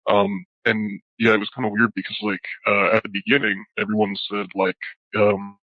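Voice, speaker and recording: Halting young man, flat and low. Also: dry recording. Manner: halting, full of "like" fillers. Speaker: interviewee. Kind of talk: interview answers. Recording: dull, dry lo-fi audio.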